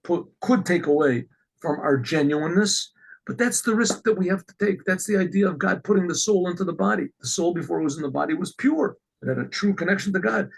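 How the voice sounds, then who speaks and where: A man, a rabbi, telling a religious story in an animated way, often clearing his throat. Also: high voice, fairly quick, rough recording.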